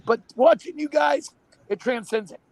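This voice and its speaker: Husky high-voiced emphatic male host. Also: normal speed, no room sound. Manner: animated, emphatic, repeats himself. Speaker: show host. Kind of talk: casual talk show chat.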